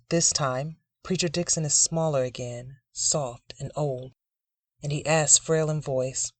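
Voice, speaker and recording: A narrator reads a dark literary short story at a measured, dramatic pace. The voice sits at a middle pitch. The recording is close and dry, with no room sound. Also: steady tone, dry recording.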